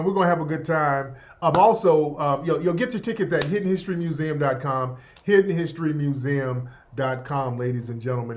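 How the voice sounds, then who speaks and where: A man hosting an online talk show, commenting on video clips in a blunt, mocking, heated way. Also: a little high. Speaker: host. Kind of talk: casual commentary over clips.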